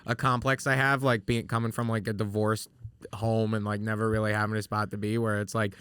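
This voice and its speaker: A man's voice: lowish voice, level tone, fairly quick, a bit bright, smooth, dry recording. A man from New York, talking as a guest in a casual podcast chat, rambling with lots of swearing and restarts. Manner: rambling, profane, many restarts.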